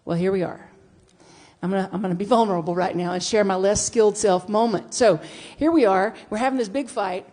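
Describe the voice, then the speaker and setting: A middle-aged woman minister speaks briskly at a medium pitch, delivering a conversational sermon. Her animated storytelling shifts between hushed reflection and playful bursts.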